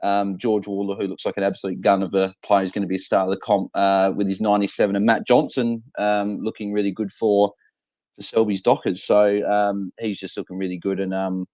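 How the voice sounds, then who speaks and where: A man's voice: fairly low pitch, flat delivery, a little fast, darkish tone, dry recording. A man with an Australian accent co-hosting a casual fantasy football podcast, chatty and blokey, with plenty of fillers and restarts. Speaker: co-host.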